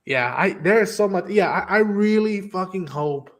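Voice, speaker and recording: A man's voice: high-pitched, moderate pace. A man hosting a casual review stream, talking animatedly with plenty of swearing. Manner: animated, profane, acts out quotes. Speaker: stream host. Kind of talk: casual spoiler review chat.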